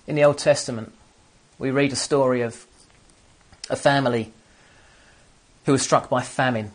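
A man's voice: medium pitch, steady tone, moderate pace. A man preaching a sermon to an empty room, earnest and often restarting his phrases. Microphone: camera on stands.

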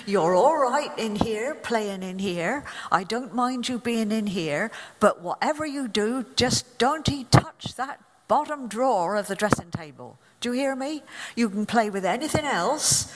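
A woman's voice: on the high side, animated, unhurried, long reverb tail. A woman voicing an old grandmother with a broad Cornish accent, firmly warning little girls not to touch a drawer. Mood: stern warning. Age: over 60.

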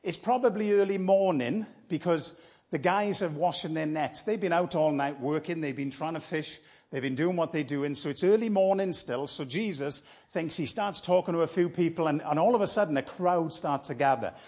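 Husky man preaching a sermon. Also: on the high side, moderate pace. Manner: conversational, encouraging, storytelling. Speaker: guest preacher. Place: church.

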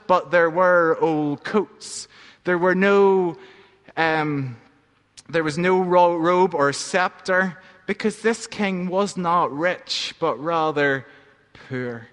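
A pastor telling a gentle story in a sermon, letting line endings fall soft. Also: male voice, high voice, in a large hall.

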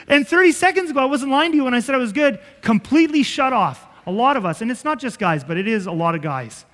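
High-voiced preacher in a reverberant hall. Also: male voice, sing-song, quick pace, few pauses, fairly bright tone. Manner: earnest, conversational preaching with self-deprecating asides. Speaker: pastor. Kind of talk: sermon.

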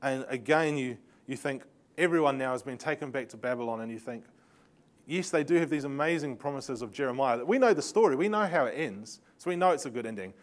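Slides accompany a man's Bible lesson, which he tells in a spirited way, adding laughing asides and sarcasm. His pitch is medium and his pace brisk.

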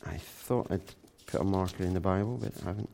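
A man preaching a sermon, emphatic and animated, telling stories with frequent restarts. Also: deep voice, fast talker, vocal fry, slight background noise. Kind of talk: sermon with storytelling.

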